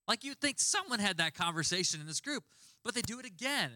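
A man's voice: sits high, very animated, fast, sharp tone, dry recording, clean studio sound. A young man preaching a sermon in a conversational storytelling way, acting out the dialogue he quotes. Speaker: pastor.

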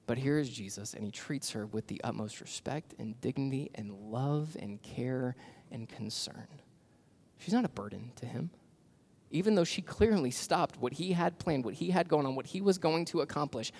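A pastor preaching a sermon in a casual, conversational way, with slang and fillers. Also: male voice, medium pitch, animated, moderate pace, vocal fry, a little mellow.

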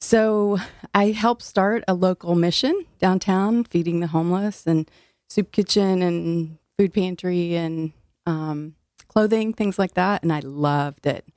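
A woman's voice: fairly low pitch, unhurried, darkish tone, dry recording, studio quality. An older woman from Illinois, a city food policy director, talking earnestly as an interview guest with some fillers and a little breathless. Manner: earnest, frequent fillers, laughs easily. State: slightly out of breath. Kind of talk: interview conversation.

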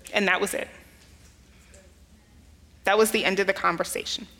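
A woman's voice: mid-range voice, fairly even intonation, moderate pace, fairly bright tone. A woman pastor from the United States preaching a sermon, telling a personal story with earnest emphasis. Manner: earnest storytelling, rising emphasis on key phrases. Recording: long hall reverb.

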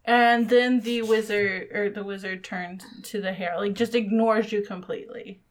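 A woman's voice: mid-range voice, steady tone, moderate pace. A woman narrating as game master in a casual tabletop game, hesitant with fillers.

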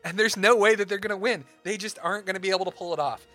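A young man co-hosting a casual podcast, animated and playful, building up dramatic fan crossover stories. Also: high voice, rapid-fire, faint music behind. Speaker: podcast co-host.

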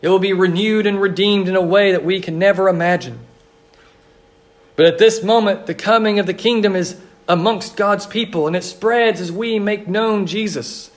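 High-voiced man preaching earnestly. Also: fairly even intonation. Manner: earnest, repetitive liturgical cadence with slow emphatic phrases. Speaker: pastor. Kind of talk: sermon.

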